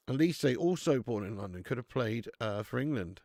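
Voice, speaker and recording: A man hosting a live football watch-along, chatting in a sweary, jokey way and breaking into excited commentary. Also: medium pitch, moderate pace, few pauses, dry recording, clean studio sound. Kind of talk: live match commentary and chat.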